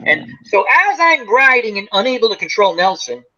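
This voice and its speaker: Man, animated storyteller, lively bright voice, casual chat, dull lo-fi audio. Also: high-pitched, moderate pace. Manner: animated storyteller, acts out quotes, swears. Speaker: podcast co-host telling a story.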